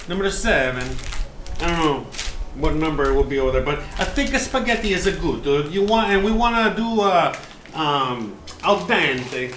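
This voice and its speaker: Working in his home kitchen, this cooking show host runs a casual live demo, chatty and easily sidetracked. His fairly high voice is expressive and a bit bright at a moderate pace, captured by a distant mic with roomy echo and background noise.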